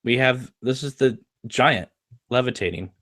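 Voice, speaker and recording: A man's voice: medium pitch, a little slow, a bit bright, no echo. Dry-sounding enthusiastic male host. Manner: enthusiastic, laughs often, repeats words. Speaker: podcast host. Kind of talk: casual live-stream chat.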